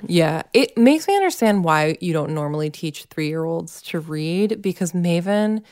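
A woman's voice: on the low side, animated, a little slow, darkish tone. A woman in her thirties co-hosting a podcast, chatting casually with lots of "like" fillers. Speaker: podcast co-host. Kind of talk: casual chat.

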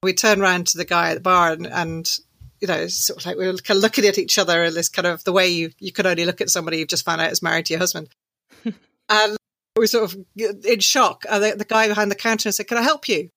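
A woman, an author telling her story as an interview guest, animated and laughing through her anecdotes. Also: lowish voice, fast talker, no echo. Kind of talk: conversational storytelling.

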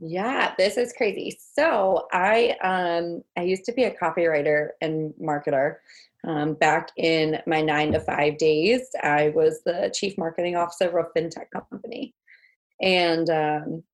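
A woman's voice: fairly low pitch, measured pace. A young woman guest telling stories in a casual interview, chatty, laughing and using many fillers. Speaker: guest, homemaking mentor.

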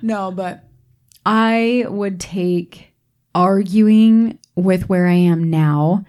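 Woman co-host, mid-pitched, lively and self-mocking, acting out the quotes in her stories. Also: drawn-out words. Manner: animated storyteller who acts out quoted arguments; self-mocking and laughs often. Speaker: podcast co-host. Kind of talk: casual chat.

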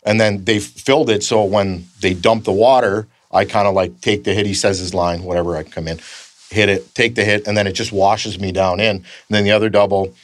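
A Canadian man with a fairly low voice spins loose, rambling stories and swears often. His voice is recorded dry and close, with no room around it. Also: steady tone, a little fast, no echo. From northern Canada. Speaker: guest, stuntman. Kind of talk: casual anecdote telling.

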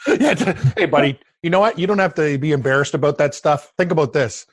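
A man's voice: on the high side, expressive, fast talker, slightly rough, dry recording, clean studio sound. A man co-hosting a sports betting podcast, chatty and self-deprecating, and he laughs easily. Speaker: podcast co-host. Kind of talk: casual sports betting chat.

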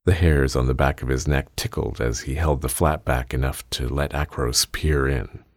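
Super low gravelly guy reading a story, dry close sound. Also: dry recording. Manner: measured, steady storytelling. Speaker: narrator. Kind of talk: audiobook reading of fiction.

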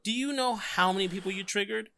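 A man hosting a podcast, wrapping up a segment in a quick, teasing way. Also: sits high, gravelly, bright, forceful tone. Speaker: podcast host. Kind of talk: casual podcast segment wrap-up.

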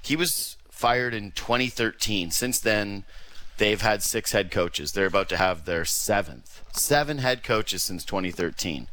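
A man co-hosts a casual hockey talk show with a bright, forceful voice. He jokes freely and slips into animated impressions of other people. His delivery is chatty and expressive. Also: fairly low pitch, unhurried. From Canada. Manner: animated, joking, acts out quoted voices.

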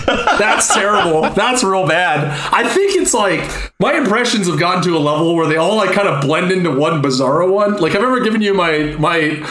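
A man's voice: sits high, animated, moderate pace, a bit bright, roomy sound. A man co-hosting a podcast in casual chat, jokey and rambling, laughing often. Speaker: podcast co-host.

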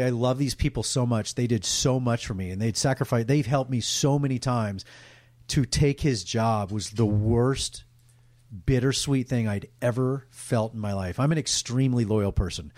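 A middle-aged sportscaster telling emotional, candid stories in a casual interview, rambling with restarts. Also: male voice, medium pitch, a little mellow, no echo. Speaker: guest, sportscaster.

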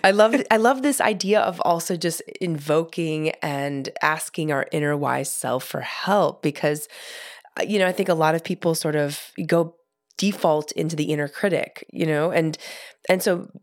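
A woman with a very low voice hosts an interview. She is enthusiastic, laughs along and asks her questions at length. The sound is dry and close. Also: normal speed, no echo. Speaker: podcast host.

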